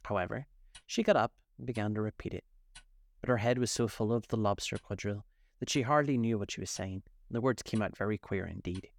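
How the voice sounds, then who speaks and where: A man reading a classic storybook aloud as a storyteller, with expressive narration. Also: on the low side, a little fast, gravelly.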